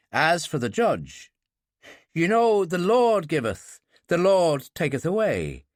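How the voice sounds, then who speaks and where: A man voicing a blunt, jovial older ship's doctor who tells stories with animated relish. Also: fairly high pitch, no echo, studio quality. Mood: earnest. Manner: hearty, animated, fond of telling stories.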